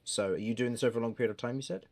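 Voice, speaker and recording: A man's voice: medium pitch, fairly even intonation, very fast, darkish tone. A man running a tabletop game as game master, explaining the rules in an explanatory way with hesitant fillers.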